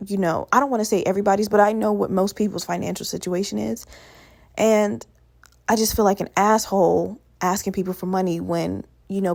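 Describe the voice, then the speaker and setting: A young woman in her twenties from Virginia hosts a solo podcast, rambling, chatty and profane. Her medium-pitched voice has vocal fry and a darkish tone. The studio-quality recording has no room sound.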